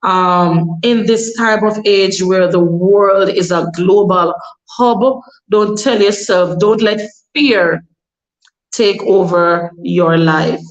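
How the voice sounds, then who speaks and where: A woman's voice: mid-range voice, takes it slowly. A young Jamaican woman with a Jamaican accent, vlogging casual advice in a chatty way and slipping into patois. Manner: chatty, advising, slips into patois. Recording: echoey room.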